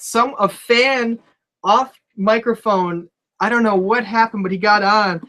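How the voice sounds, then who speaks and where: A man's voice: sits high, slow, pushed and bright. A man co-hosting a casual wrestling podcast, talking loosely with swearing and reading viewer comments aloud. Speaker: podcast co-host.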